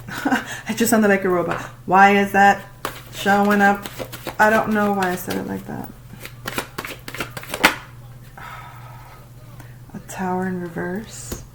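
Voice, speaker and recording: A woman doing a casual tarot reading, talking to the listener and reacting out loud with exclamations as she turns the cards. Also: medium pitch, steady tone, slow, creaky, pauses often, noisy background. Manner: chatty, exclaims and laughs while reading cards. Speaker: tarot reader.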